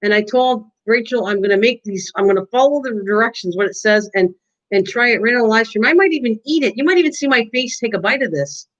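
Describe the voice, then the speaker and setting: Older woman, casual streamer from her kitchen, talks to viewers and laughs a lot; a bit high-pitched, muffled stream audio. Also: fast talker. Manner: chatty, talks to viewers by name, laughs often. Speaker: live-stream host. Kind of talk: casual live-stream chat. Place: home kitchen.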